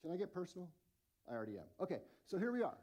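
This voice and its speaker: A man in his forties preaches with a high, lively voice. He tells self-mocking stories with animated energy, in a relaxed sermon style. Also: rapid-fire. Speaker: lead pastor.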